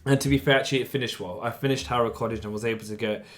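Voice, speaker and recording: A young man co-hosting a podcast, telling his own life story in a casual, animated way and laughing often. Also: medium pitch, racing. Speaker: podcast co-host.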